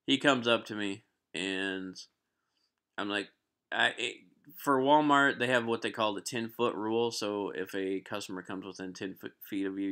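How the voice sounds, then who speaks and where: A man's voice: fairly low pitch, sharp tone. A man telling a rambling personal story on a live stream, with many restarts. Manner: rambling, lots of fillers and restarts, clears his throat. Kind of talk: casual storytelling.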